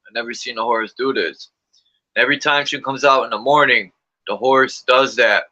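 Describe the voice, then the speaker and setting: A man's voice: mid-range voice, steady tone, normal speed, bright, forceful tone. A man hosting a casual livestream, telling stories and acting out quotes from people with sudden jumps in his voice. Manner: storytelling, acts out quotes with big voice jumps, swears. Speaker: livestream host. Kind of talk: casual chat. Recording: muffled livestream audio.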